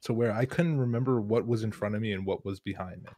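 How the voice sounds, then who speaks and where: A man's voice: on the low side, fast talker, dark tone, no echo, studio quality. Laid-back young man telling a story. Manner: laid-back rambling storytelling, swears freely. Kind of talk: casual chat.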